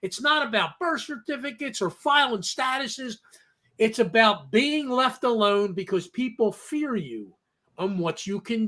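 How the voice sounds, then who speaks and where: A man's voice: extremely high pitch, pushed and bright. A man co-hosting a casual talk show, telling stories emphatically and often tagging his points with "okay?". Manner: emphatic, storytelling, keeps adding "okay?". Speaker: co-host. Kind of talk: casual podcast chat.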